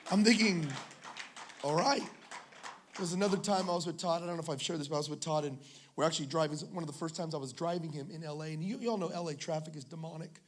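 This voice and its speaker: Slight background noise accompanies a male pastor speaking quickly in a slightly high voice. Preaching at a church service in a school venue, he shares funny stories and trades jokes with the congregation.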